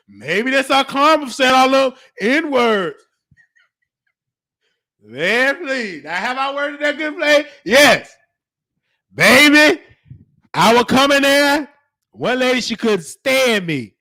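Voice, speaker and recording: A man tells a long personal story as a show host, his voice pitched high for a man. He swings up and down a lot, acting out the people he quotes. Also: slow pace, pauses often, no room sound, clean studio sound. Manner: animated, acts out quoted voices.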